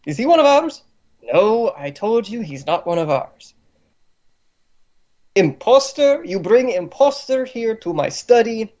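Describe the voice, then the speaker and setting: A scornful, flamboyant nobleman barks out short questions in a thick Slavic accent and chopped-up grammar, as a tabletop game master puts him on. The voice is muffled and a little lo-fi, and pitched up from the speaker's normal talk. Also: big pitch swings, unhurried, darkish tone. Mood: suspicious. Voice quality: broken-grammar put-on accent, barking questions. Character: flamboyant, scornful male noble, impatient and haughty. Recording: muffled lo-fi recording.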